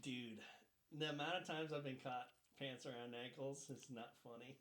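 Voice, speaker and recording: A young man co-hosting a podcast, firing off deadpan wisecracks and quick comebacks in crude, casual banter. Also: mid-range voice. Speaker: podcast co-host.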